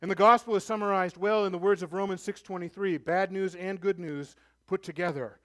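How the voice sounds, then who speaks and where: A man preaching a sermon as pastor, earnest and pleading, building to emphatic points and then dropping low and soft. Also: steady tone, fairly quick. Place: church.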